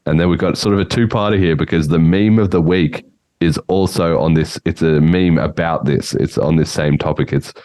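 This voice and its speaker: A man's voice: low voice, steady tone, moderate pace, a little mellow, no room sound. A man hosting a podcast, chatting casually in a rambling way and laughing often. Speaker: podcast host.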